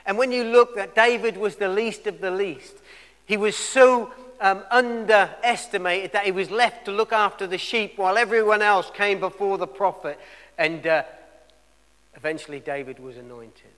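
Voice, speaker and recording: A male preacher delivering a sermon in a church, swinging between loud emphatic peaks and quiet asides. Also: sits high, moderate pace, long reverb tail.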